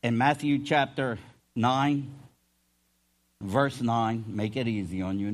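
An older man preaching a sermon in a folksy way, swinging between loud emphasis and quiet asides. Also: medium pitch, steady tone, takes it slowly. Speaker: pastor.

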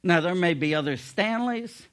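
A man preaching a sermon, animated and often laughing, rising to loud emphatic peaks. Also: high voice, normal speed.

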